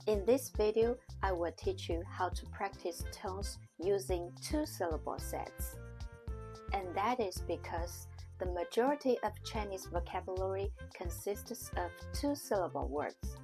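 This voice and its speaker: A woman teaching a language lesson in a scripted way, speaking slowly and carefully and demonstrating sounds one at a time. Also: mid-range voice, warm tone. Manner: slow, careful, demonstrating tones on single syllables.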